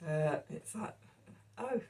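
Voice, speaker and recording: A woman's voice: low voice, animated, slow pace, darkish tone, distant mic. A woman reading tarot and astrology in a loose, rambling way, stopping herself and using fillers, with a cough that keeps breaking in. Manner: rambling, self-interrupting, with fillers. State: coughing, hoarse. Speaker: tarot reader. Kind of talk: casual astrology and tarot talk.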